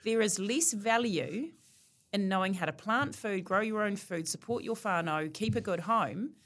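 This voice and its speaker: A woman's voice: mid-range voice, lively intonation, normal speed. A woman, co-hosting a casual podcast chat. She speaks emphatically and presses with probing questions.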